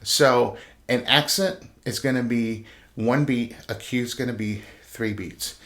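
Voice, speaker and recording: Male band teacher, average pitch; counts beats aloud while demonstrating, casual and encouraging. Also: unhurried, fairly bright tone. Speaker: band director teaching conducting. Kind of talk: instructional video lesson.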